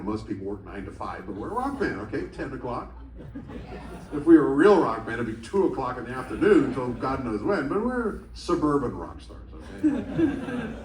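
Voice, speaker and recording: Profane, animated man telling stories on stage. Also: medium pitch, a little hiss or hum. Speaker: stage storyteller. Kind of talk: solo speaking show. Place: large theatre. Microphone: stage PA, taped on a phone in the audience. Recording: distant, echoey theatre audience recording. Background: faint audience ambience.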